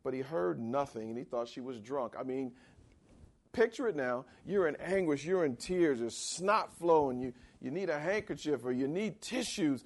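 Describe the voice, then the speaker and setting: Gravelly man preaching with amens. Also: lively intonation, normal speed. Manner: conversational preaching with call-and-response amens; dramatic swings in pitch and volume. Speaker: pastor. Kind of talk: sermon.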